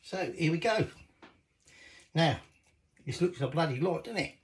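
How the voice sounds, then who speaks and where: A man's voice: a little high, animated, unhurried, low-quality recording. A man chatting cheekily while cooking in his home kitchen, swearing casually as he goes. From Britain.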